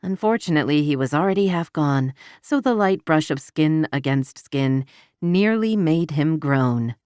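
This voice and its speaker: Brief: female audiobook narrator, low voice, dry close studio sound, even intimate delivery. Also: measured pace, clear, resonant tone, dry recording. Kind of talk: scripted romance narration.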